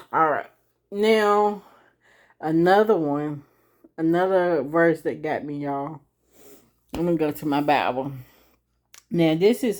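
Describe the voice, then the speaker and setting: A woman with a lowish voice teaches the Bible informally to camera. She speaks at an unhurried, slow pace and keeps checking in with "right?". She takes scripture passages slowly and deliberately. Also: darkish tone.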